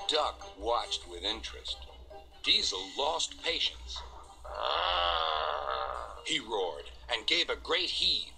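A man narrating a children's story with an expressive, measured reading. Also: mid-range voice, faint music behind.

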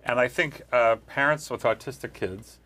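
Enthusiastic male critic, mid-pitch voice. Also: normal speed, pushed and bright. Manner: enthusiastic, rambling recommendations. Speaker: film critic. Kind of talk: panel film review chat.

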